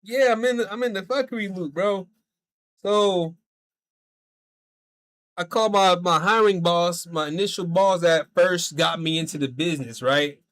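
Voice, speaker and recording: A male game streamer from the United States chats casually over his gameplay. He rambles through a long personal story, swearing freely and filling it with slang. His voice sits a little high for a man. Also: measured pace, long pauses, fairly bright tone. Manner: rambling, profane storytelling full of "bro" and "like". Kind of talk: casual chat while streaming.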